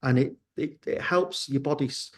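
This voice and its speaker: A man's voice: mid-range voice, normal speed. Hesitant man with frequent restarts. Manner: hesitant, restarts sentences, candid. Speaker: guest, company founder. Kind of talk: interview answers.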